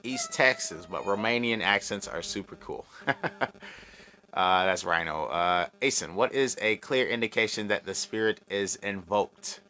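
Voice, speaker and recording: A man's voice: on the low side, measured pace, sharp tone. A man hosting a casual live chat, joking, swearing and laughing often, with a slight American country accent. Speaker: livestream host answering chat.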